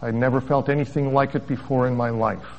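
A man's voice: medium pitch, steady tone, fairly quick. A man preaching as a pastor, reading a story aloud with wry asides and chuckles, on a dull lo-fi recording. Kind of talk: sermon with a read-aloud story.

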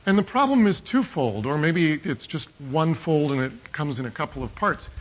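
Man, pastor giving a sermon, slightly high voice, animated and playful, dull lo-fi recording. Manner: animated, acts out quoted voices for humor. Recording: muffled lo-fi sound.

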